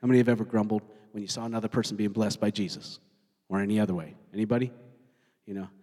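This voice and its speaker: A male pastor preaching a sermon, talking in an animated way and putting questions to his congregation. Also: lowish voice, fast. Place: church sanctuary. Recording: long hall reverb.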